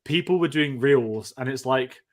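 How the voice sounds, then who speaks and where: A man's voice: mid-range voice, unhurried. A man hosting a film-review podcast, rambling and restarting as he talks. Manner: chatty, rambling, restarts often. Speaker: podcast host. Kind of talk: casual film-review chat.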